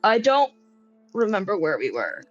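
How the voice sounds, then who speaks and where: A woman's voice: mid-range voice, huge pitch swings, normal speed, no room sound, highs cut off, faint music behind, voice pushed down. A woman voicing a nervous, rambling young man in a tabletop game, talking hesitantly with lots of fillers. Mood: wistful. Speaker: player. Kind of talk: tabletop role-play in character.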